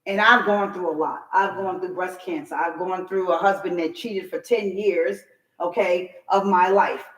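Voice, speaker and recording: A woman's voice: lowish voice, normal speed, reverberant, low-quality recording. Emphatic middle-aged New woman. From New York. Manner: emphatic, animated storyteller who acts out other people's lines. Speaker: guest. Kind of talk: talk show storytelling.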